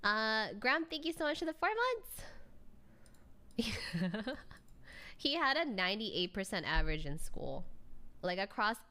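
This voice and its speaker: A woman's voice: medium pitch, animated, measured pace, pauses often, bright, forceful tone. A young adult woman streamer chatting casually, telling stories with frequent laughs and casual swearing. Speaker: streamer reacting to a video. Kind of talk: casual chat.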